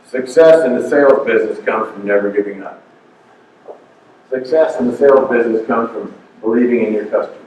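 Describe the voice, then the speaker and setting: A man's voice: medium pitch, a little fast, darkish tone, slight background noise. An older man giving an emphatic, preachy motivational talk as a guest speaker, repeating his points. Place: community center hall. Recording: echoey hall, far off, dull sound.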